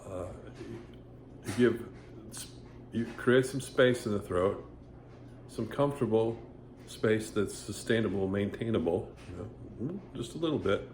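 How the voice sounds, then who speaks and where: A man's voice: lowish voice, lively intonation, unhurried, a little mellow, slight background noise. A man giving a casual singing lesson, rambling and stopping often to sing short vowel demonstrations. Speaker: voice teacher. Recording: echoey room with faint ambience.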